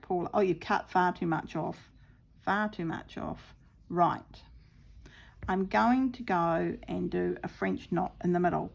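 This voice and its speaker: A woman casually talking viewers through her stitching, chatty and quick to laugh at her own mishaps. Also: lowish voice, vocal fry. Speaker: craft vlogger.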